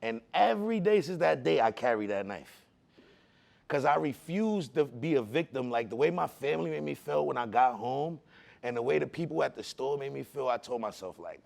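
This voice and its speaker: A man from the Bronx, telling his personal testimony in a casual, animated way with street slang. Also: mid-range voice, creaky. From the Bronx, New York. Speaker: speaker giving a personal testimony.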